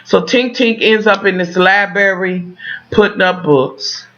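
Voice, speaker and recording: A woman's voice: mid-range voice, fairly even intonation, a little slow, a bit bright, dull audio. A woman recapping a TV episode for her viewers, dramatic and profane, talking straight to the camera. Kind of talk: animated casual recap.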